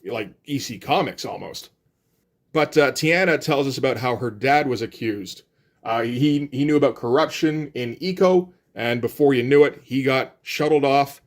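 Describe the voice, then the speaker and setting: A middle-aged man giving casual commentary as a comic book reviewer, wry and rambling with offhand asides. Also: medium pitch.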